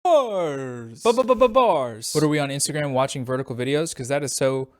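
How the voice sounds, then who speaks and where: A man's voice: medium pitch, animated, fairly quick, darkish tone, smooth. A man co-hosting a stream who teases and jokes about the clip. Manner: playful, teasing.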